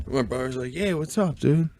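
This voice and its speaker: A man in his thirties, speaking at an ordinary middle pitch. He tells rowdy stories as a podcast guest, swearing constantly and slipping into quick impressions of the people involved. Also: background noise. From Delaware County, Pennsylvania. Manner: profane, animated, acts out voices in anecdotes. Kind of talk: casual storytelling chat.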